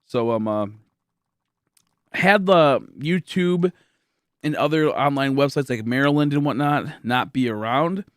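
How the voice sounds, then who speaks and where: A man's voice: medium pitch, a little slow, clean tone, no room sound, studio quality. A tired young man from Michigan chatting casually on a livestream, rambling with lots of fillers and restarts. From Michigan, USA. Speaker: livestream host.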